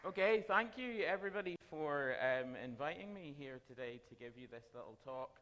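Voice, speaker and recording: A man's voice: on the high side, expressive, fairly bright tone, slight background noise. Belfast guy rattling off a talk on a stage mic, asks the crowd stuff, big echoey hall. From Northern Ireland. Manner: fast-talking, engages the audience with questions. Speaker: university dean giving a talk. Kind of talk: conference talk. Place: lecture hall. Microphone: stage microphone. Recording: reverberant hall.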